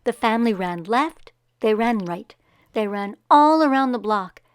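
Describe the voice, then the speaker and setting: A woman reading a children's picture book aloud, giving the characters voices and pausing to ask young listeners what will happen next. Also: on the high side, lively intonation, smooth, no echo.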